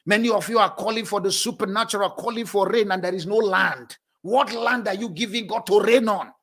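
High husky-voiced male preacher. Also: brisk. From moved to South Africa as an adult. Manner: animated preaching, often laughing mid-sentence. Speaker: pastor. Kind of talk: sermon.

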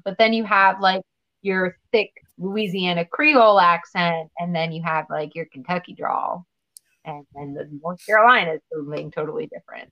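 A woman actress chatting as an interview guest, talking in an animated, storytelling way. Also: fairly low pitch, normal speed, lo-fi sound. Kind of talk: casual interview chat.

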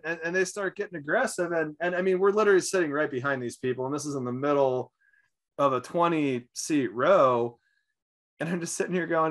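A man in his thirties co-hosts a casual sports talk podcast, telling stories animatedly and acting out what people said. He speaks at medium pitch and a moderate pace.

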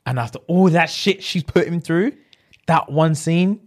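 A young man's voice, a little high and a little slow, carries a casual chat about a film plot. He tells it in slang with plenty of animation, voicing the characters' lines along the way.

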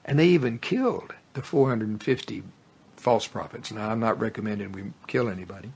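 A man preaching a fervent sermon that builds to loud exclamations, then leads a prayer. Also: lowish voice, a little fast, breathy edge. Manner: fervent, rising to exclamations, tongues.

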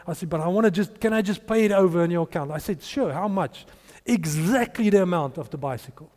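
Animated preaching man, echoing hall. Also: fairly high pitch, moderate pace. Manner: animated, acts out dialogue in changing voices. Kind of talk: sermon storytelling.

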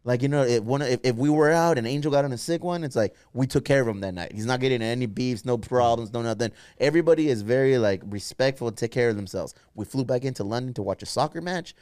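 A man from San Diego, a guest DJ, telling stories fast and profanely in casual podcast chat. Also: mid-range voice, a little mellow, clean tone, dry recording, clean studio sound. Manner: rapid storytelling, profane, calls people fool.

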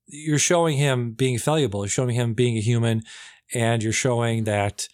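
A man's voice: medium pitch, steady tone, normal speed, darkish tone, clean tone, no room sound. Rambling man in a dry room. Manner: rambling, with many fillers and acted quotes. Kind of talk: casual chat, retelling a movie plot.

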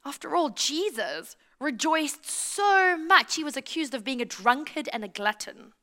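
South african lady preaching, high voice, lively stories, talks right to the crowd. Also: measured pace. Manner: lively storytelling, addresses the congregation directly. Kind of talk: sermon.

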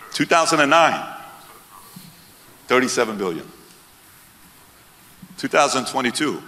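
A man's voice: mid-range voice, bright, forceful tone. A man giving a motivational stage talk, punchy and constantly firing questions at his audience. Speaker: seminar speaker. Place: stage in a large hall with an audience. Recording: long hall reverb.

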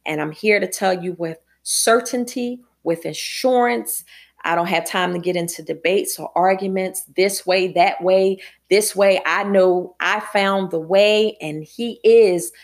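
A woman's voice: medium pitch, measured pace. A middle-aged woman evangelist hosting a devotional podcast, telling personal stories earnestly and building into emphatic preaching.

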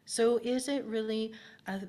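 A woman's voice: fairly high pitch, fairly even intonation, measured pace, dark tone. A woman spiritual director giving a conversational sermon at a spiritual center and asking the congregation questions. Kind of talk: casual sermon. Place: spiritual center, in person and streamed.

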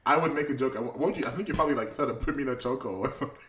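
A man's voice: medium pitch, racing, a bit bright, reverberant. A man co-hosting a podcast, chatting in a playful, teasing way and acting out voices when he tells a story. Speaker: podcast co-host. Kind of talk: casual chat.

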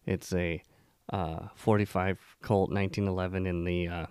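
A man with a fairly low voice tells a story in relaxed chat on a podcast. The recording is close and dry. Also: normal speed, clean tone, no room sound. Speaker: podcast co-host.

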